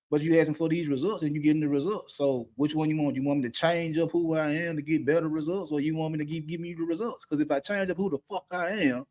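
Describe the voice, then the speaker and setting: A man's voice: a little high, darkish tone. A middle-aged man talking candidly as a podcast co-host, blunt and profane, often laughing mid-sentence. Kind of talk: candid unscripted talk.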